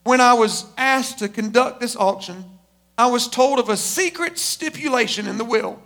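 A man voicing a formal male auctioneer who calls out bids loudly and slowly. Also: very high-pitched, full character voice. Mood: solemn. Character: formal male auctioneer, insistent then solemn.

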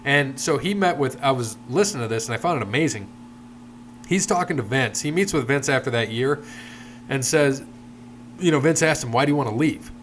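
Rambling middle-aged podcast host. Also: male voice, medium pitch, animated, normal speed, fairly bright tone, slight background noise. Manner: rambling, profane storyteller. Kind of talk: casual podcast chat.

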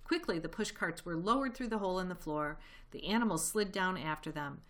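A woman's voice: on the low side, a little fast, fairly bright tone. Woman reading a children's book aloud. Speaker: reader.

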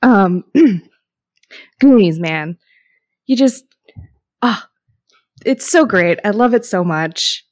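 A woman's voice: mid-range voice, lively intonation, drawn-out words, long pauses, no echo, clean studio sound. A woman on a podcast panel, talking fondly and easily with laughs. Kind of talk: casual podcast chat.

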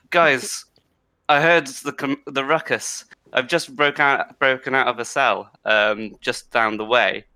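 A man's voice: medium pitch, slow, pushed and bright, no echo, voice pushed up. A man voicing a short, touchy male dwarf who talks in a breathless, fussy way. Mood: flustered.

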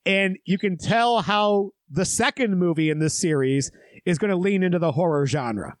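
Lively high-voiced man recapping a film. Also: normal speed, no echo. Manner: animated storyteller, laughs often. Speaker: podcast co-host. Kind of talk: casual movie recap chat.

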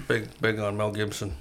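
A man's voice: on the low side, vocal fry, a little hiss or hum. A man co-hosting a comedy podcast in laid-back, swearing banter with short affirmations. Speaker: podcast co-host.

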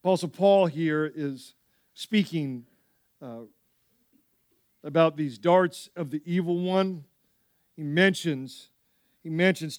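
A male pastor preaching a sermon, telling stories with lively asides to the church. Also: a little high, no echo, clean studio sound. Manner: animated storytelling with frequent asides.

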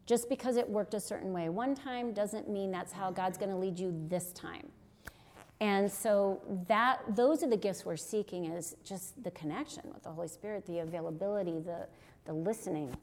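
A woman's voice: medium pitch, moderate pace, darkish tone, a little hiss or hum. A middle-aged woman giving an earnest, conversational sermon-style teaching, often checking in with her listeners. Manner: earnest, conversational, with frequent rhetorical "right?". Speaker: teacher on deliverance ministry.

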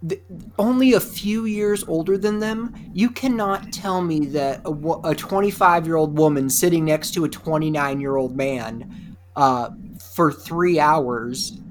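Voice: medium pitch, a little slow, slight background noise. A show host in a casual conversation, arguing a point with pointed rhetorical questions. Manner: argumentative, pushes back with pointed questions.

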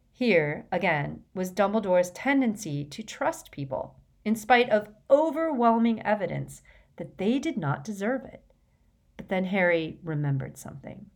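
A woman narrating a novel in a measured storytelling manner, lightly voicing the characters' dialogue. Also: mid-range voice. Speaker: audiobook narrator.

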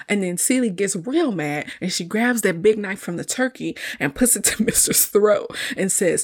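A woman's voice: mid-range voice, lively intonation, a little fast. A woman hosting a solo review podcast, retelling a film scene in a chatty, casual way and laughing often.

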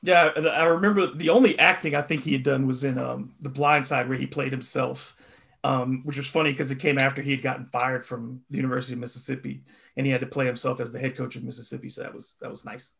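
A man co-hosting a casual sports talk show, chatting in an animated way. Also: mid-range voice, quick pace, vocal fry. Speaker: podcast co-host.

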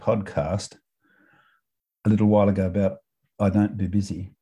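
Australian male podcast co-host, mellow low voice, a bit husky, a chatty storyteller who swears freely. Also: level tone, normal speed. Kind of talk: casual chat.

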